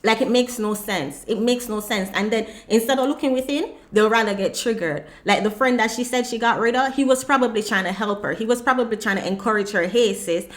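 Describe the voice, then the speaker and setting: A woman's voice: a little high, brisk, few pauses. A woman hosting a reaction video, giving blunt, emphatic critical commentary.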